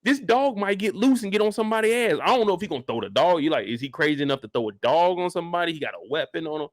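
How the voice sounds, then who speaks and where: A man's voice: fairly high pitch, rapid-fire, no echo, clean studio sound. A man hosting a comedic reaction rant about a TV episode, swearing freely and breaking into laughter often. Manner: animated, profane, laughing often. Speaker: show reaction host.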